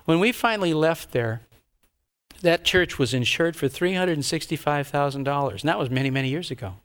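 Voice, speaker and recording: An older man, a pastor, telling a story in a sermon with animated, dramatic delivery and sudden loud outbursts. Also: fairly high pitch, brisk.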